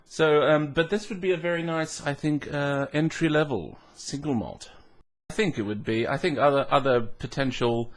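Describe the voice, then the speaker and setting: A man hosting a casual tasting vlog, musing aloud with hums, restarts and self-mocking asides. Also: mid-range voice. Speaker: whisky reviewer.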